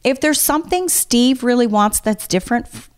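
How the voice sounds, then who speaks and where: Middle-aged woman, interview guest, earnest heartfelt delivery, voice sits a little high. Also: lively intonation, normal speed, smooth. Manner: earnest, heartfelt advice-giving. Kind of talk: casual conversation.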